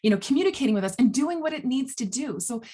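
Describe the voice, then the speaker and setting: Husky-voiced woman in an earnest vlog. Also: sits high, quick pace. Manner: earnest, animated, laughs often between phrases; blunt, self-described swearer. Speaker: holistic health coach. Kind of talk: casual motivational vlog monologue.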